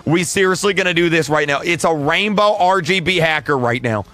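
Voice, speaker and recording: A man's voice: on the high side, a little fast, sharp tone, soft background music. A young man streaming a game, launching into a mock rant and roasting someone in chat. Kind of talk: gaming livestream chat.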